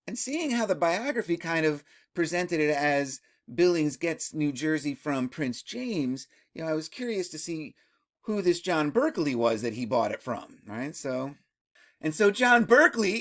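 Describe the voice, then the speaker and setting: A history video host talking through colonial history in a casual explainer style, tagging sentences with "right?" and often laughing. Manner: excitable, jumps up in pitch when amused.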